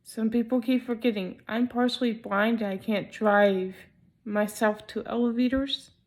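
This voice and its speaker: A young woman talking slowly in a casual personal vlog, hesitant with many pauses and ums, sounding sleepy and not fully awake. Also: a little high, steady tone, darkish tone. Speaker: vlogger.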